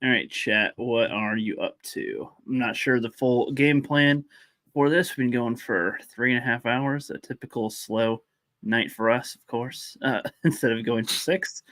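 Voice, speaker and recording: A man's voice: mid-range voice, a little slow, a bit bright, no room sound. A man co-hosting a casual livestream, rambling and chuckling between his remarks.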